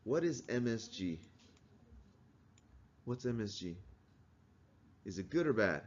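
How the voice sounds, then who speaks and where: A man with a fairly low voice and big pitch swings teaches a class slowly, explaining things conversationally and putting questions to his students. The lecture has a lo-fi sound.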